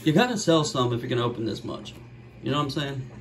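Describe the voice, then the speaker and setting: A middle-aged man hosting a card-opening video, chatting casually and joking, with sudden gasps and bursts of excitement. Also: mid-range voice, fast talker, noisy background. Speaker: card-opening channel host. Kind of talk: casual pack-opening commentary.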